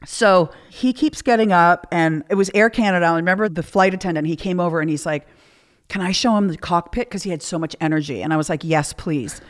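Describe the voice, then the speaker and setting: A woman's voice: lowish voice, fast, few pauses. Candid woman telling stories. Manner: candid storytelling with acted-out quotes. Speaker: podcast guest. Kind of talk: casual chat.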